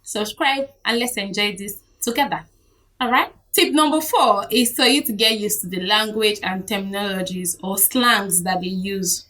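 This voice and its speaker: A young Nigerian woman chats to her camera, lively and quick to laugh. Her voice sits a little way off the mic. The pitch is middling for a woman. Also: recorded from a distance. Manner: chatty, animated, laughs often. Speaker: vlogger. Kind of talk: casual talk to camera.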